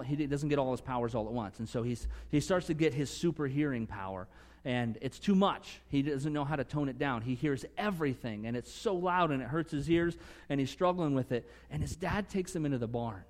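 A man preaching a sermon earnestly, swinging from emphatic conviction to soft, hushed moments. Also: medium pitch, big-room sound. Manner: earnest, rising to emphatic conviction, dropping to soft near-whispers. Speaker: pastor.

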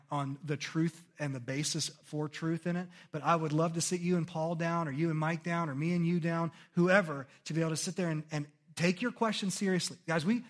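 Earnest, chatty male pastor preaching. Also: on the high side. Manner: conversational, earnest, frequent "okay?" check-ins. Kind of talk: sermon.

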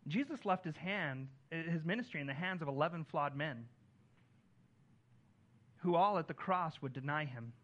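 A man preaching a sermon, his voice high and bright with a forward, forceful edge. He is earnest, rising on key points and falling quiet on others. The recording sounds a little dull and lo-fi. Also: expressive, moderate pace, pauses often. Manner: earnest preaching, rises on key lines and drops soft on others. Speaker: pastor.

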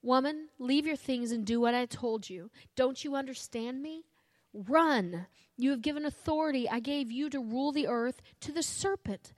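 A woman voicing a stern, grieving male God who makes loud, commanding declarations. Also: high voice, moderate pace, no echo, voice pushed up, lightly acted.

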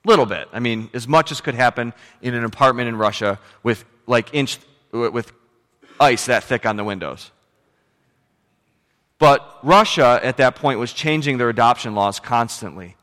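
A man preaching a sermon as pastor, moving from quiet storytelling into loud, emphatic exhortation. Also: mid-range voice, normal speed, big-room sound.

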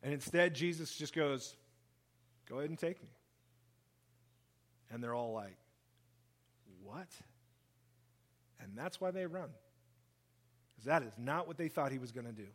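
A man preaching a sermon, reading scripture and explaining it in an animated way, acting out the quoted speech. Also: a little fast. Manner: animated, acts out quoted speech, lively shifts in pitch and volume. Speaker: pastor. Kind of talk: sermon, Bible reading and commentary.

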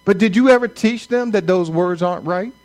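A man's voice: sits high, fairly quick, a little mellow, poor audio. A middle-aged man, a pastor, preaching a conversational sermon and acting out quoted voices.

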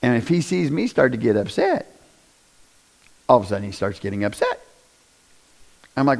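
A man preaching a conversational sermon, often asking the congregation questions and rising to loud, emphatic bursts. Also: mid-range voice, animated, normal speed, creaky, long pauses. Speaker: pastor.

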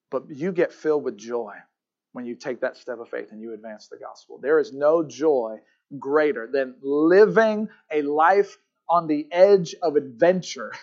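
A man preaching a sermon as pastor, emphatic, asking rhetorical questions and pausing for amen. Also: on the high side, dull audio.

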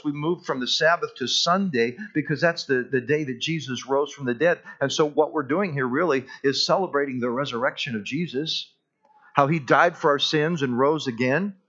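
A male pastor preaches a sermon in church, earnest and emphatic, stretching out the words he wants to land. His voice sits a little high, and the recording has a slightly dull, lo-fi sound. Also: a bit bright.

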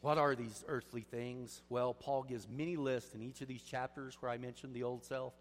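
A man preaching a sermon as pastor, swinging from quiet intensity to loud pleading emphasis. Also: medium pitch, steady tone, moderate pace, in a large hall.

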